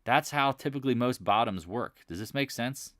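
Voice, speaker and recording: A man's voice: medium pitch, lively intonation, normal speed, fairly bright tone, no echo, studio quality. A man hosting a live market chat, talking in a loose, rambling way and often restarting his sentences. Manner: rambling, conversational, restarts and repeats himself.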